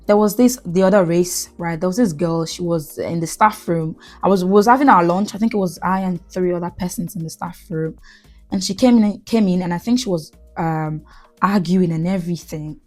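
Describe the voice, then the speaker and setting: A woman with a Nigerian accent, hosting a podcast and telling animated, laughing stories in a casual monologue. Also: on the low side. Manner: animated, laughing, slips into pidgin. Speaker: podcast host.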